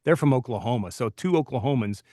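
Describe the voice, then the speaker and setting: A man in his fifties, co-host of a podcast, telling stories from his acting career in a relaxed, reflective way. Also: mid-range voice, fast talker, dry recording, clean studio sound. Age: 50s. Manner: storytelling, reflective. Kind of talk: casual podcast chat.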